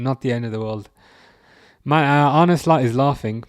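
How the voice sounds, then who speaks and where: A chatty man talks over a live football match, reading out chat messages and mocking himself with a laugh. He often trips over his words and starts again. His voice sits at a middle pitch and comes across dry and close to the mic. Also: moderate pace, no echo. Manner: chatty, self-mocking, stammering restarts, frequent laughs. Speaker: livestream host. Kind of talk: casual live match commentary.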